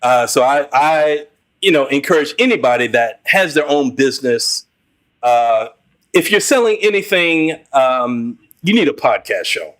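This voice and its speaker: A man's voice: mid-range voice, very animated, measured pace, a bit bright. Encouraging man, lots of ums. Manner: encouraging, filler-heavy. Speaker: podcast guest. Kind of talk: casual conversation.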